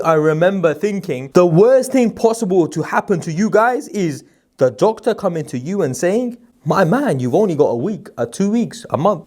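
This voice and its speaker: A man's voice: on the high side, a little mellow. A young man giving a casual, chatty motivational talk to camera, mixing slang with religious phrases. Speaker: recruitment business vlogger.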